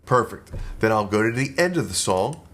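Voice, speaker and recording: A middle-aged man and musician talking casually through his studio work, relaxed and rambling with plenty of fillers and restarts. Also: lowish voice, normal speed, over loud music.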